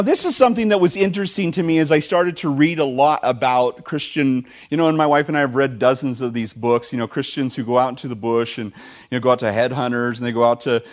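Man, middle-aged pastor, preaching, lively storytelling, somewhat high-pitched. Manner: animated storytelling, acting out voices in quotes. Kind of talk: expository sermon.

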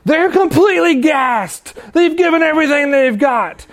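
A man doing an impression of a hoarse male ski race announcer, yelling with wild excitement. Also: very high voice, normal speed, voice pushed up. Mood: excited yelling.

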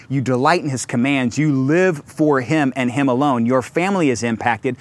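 A middle-aged man preaching a sermon, telling a story with lively acted quotes and shifting between fast storytelling and slow, stressed scripture. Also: medium pitch. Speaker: pastor.

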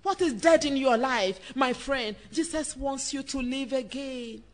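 A woman's voice: sits high, measured pace. A woman preacher, delivering a fervent sermon straight to the listener. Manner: fervent, direct address to the listener.

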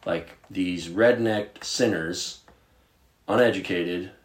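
A man from Virginia co-hosting a podcast, chatting about Bible stories in a casual, animated way with plenty of filler words. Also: low-pitched, slow pace, roomy sound. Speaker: podcast co-host.

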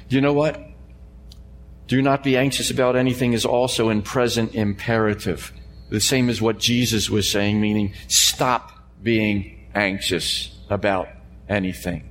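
A man preaching a sermon to a congregation. He talks in emphatic, repeated phrases and puts questions to his listeners. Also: lowish voice. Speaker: pastor. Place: church sanctuary before a congregation. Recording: long hall reverb with faint hum.

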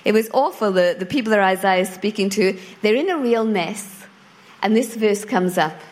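A middle-aged woman preaching to a church congregation, chatty and animated as she tells a personal story. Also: mid-range voice, normal speed. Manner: conversational, animated storytelling with acted quotes. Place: church hall before a congregation.

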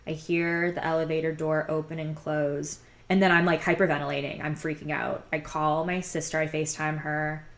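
A woman's voice: low voice, little pitch movement, moderate pace, hardly any pauses. A young woman casually telling a personal story, rambling and candid, with many fillers. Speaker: podcast host telling her own story.

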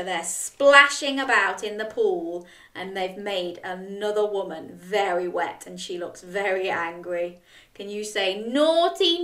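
Woman storyteller for children: animated, unhurried, bright; roomy distant recording. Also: medium pitch. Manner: animated, gasping, invites children to join in.

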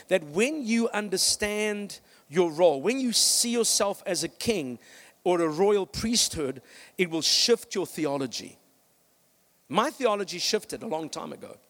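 A male pastor preaching a sermon with energy, telling stories and calling out to the congregation. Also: high voice. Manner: energetic, with storytelling and "come on" calls to the congregation.

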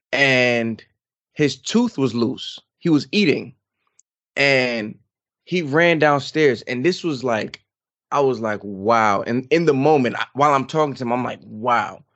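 A man in his thirties co-hosting a podcast, telling an animated story in casual chat. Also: medium pitch, measured pace. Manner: animated storytelling, lively voice swings. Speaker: podcast co-host.

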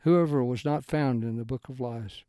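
A man's voice: moderate pace, warm tone, clean tone, dry recording, clean studio sound. A man giving an informal Bible study talk, rambling in broken sentences with restarts and rising into emphatic lines. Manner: swings into emphatic raised-pitch lines. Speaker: Bible teacher.

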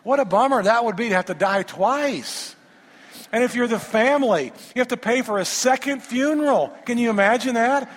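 A male pastor with a high voice preaches to his congregation, moving between scripture reading and lively commentary. He asks rhetorical questions and drops humorous asides. His voice carries the long reverb of a large church hall.

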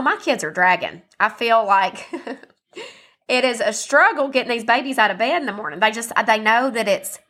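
A woman's voice: mid-range voice, sharp tone. A woman, hosting a casual solo podcast in a chatty, folksy, encouraging way, her voice muffled and scratchy from allergies. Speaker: podcast host.

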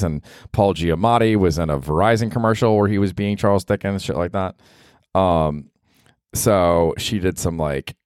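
A man with a very low, deep voice talks through a solo podcast monologue, wandering off on tangents. He swears casually and pokes fun at himself. The sound is close and dry, with no room around it. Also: a little mellow, no room sound. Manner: rambling, profane, self-deprecating. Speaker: podcast host.

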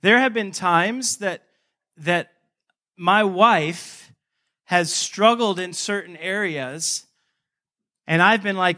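A man's voice: sits high, a little slow, a bit bright. A man in his thirties preaching a sermon to a congregation, emphatic, repeating his points and asking the listeners questions. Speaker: pastor. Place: church service.

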